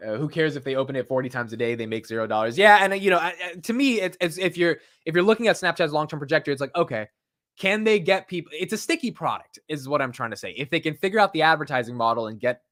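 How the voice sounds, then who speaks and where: A man's voice: medium pitch, fairly bright tone. Casual young man riffing on stocks. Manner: rambling, frank, self-interrupting with swearing. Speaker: stock market livestream host. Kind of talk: casual live market commentary.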